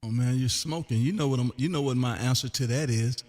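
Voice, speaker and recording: A man hosting a casual ham radio chat, loud and folksy, calling everyone man. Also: medium pitch, brisk, in a large hall. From Texas.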